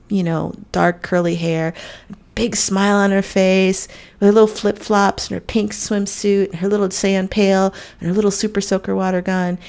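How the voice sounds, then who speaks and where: A woman's voice: medium pitch, flat delivery, moderate pace, gravelly, a little mellow, smooth. A woman hosting a podcast, telling a story in a blunt, profane, conversational way. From United States. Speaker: podcast host. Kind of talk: casual monologue.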